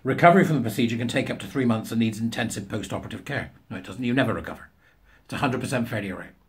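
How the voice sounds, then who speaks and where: A man's voice: medium pitch, rapid-fire. A man reading news articles aloud and mocking them with sarcastic, scornful asides, often laughing at his own jokes. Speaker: commentator.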